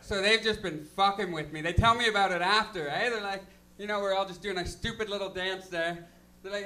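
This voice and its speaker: A man's voice: sits high, fairly quick, bright, forceful tone. A young man doing a stand-up comedy set in a loose, self-deprecating way, full of fillers. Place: comedy lounge stage.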